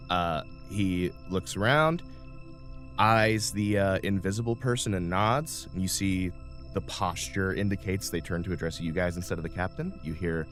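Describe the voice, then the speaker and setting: A man's voice: sits low, moderate pace, fairly bright tone, faint music behind. A man narrating a tabletop game as game master, describing the scene in a loose, improvised way.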